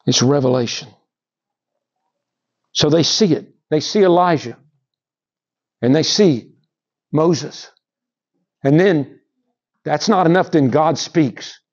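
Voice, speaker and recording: A man preaching a sermon, swinging between raised, emphatic lines and hushed, drawn-out ones. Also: on the high side, lo-fi sound. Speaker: pastor.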